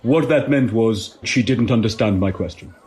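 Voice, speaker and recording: A man's voice: fairly low pitch, moderate pace, background noise, lightly acted. A man playing a pompous, self-assured tour guide in a comedy audio sketch.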